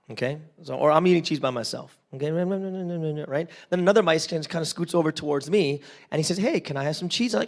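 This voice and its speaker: Man, high voice, preacher, interactive sermon, animated storyteller, asks the congregation questions. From Canada. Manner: animated storytelling, constantly checks in with "right?"; questions the congregation directly and acts out little voices. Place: church service.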